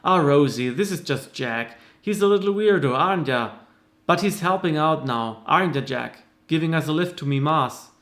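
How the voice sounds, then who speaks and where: A man's voice: medium pitch, measured pace, vocal fry, a bit bright, roomy sound. Guy reading a crude teasing islander, blunt and friendly, not much of a put-on voice.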